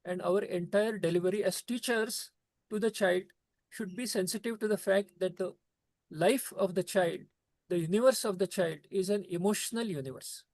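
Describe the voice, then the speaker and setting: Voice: medium pitch, moderate pace, a little mellow, no echo. A trainer gives an earnest, repetitive talk to teachers over a video call. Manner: repetitive, emphatic, preachy phrasing.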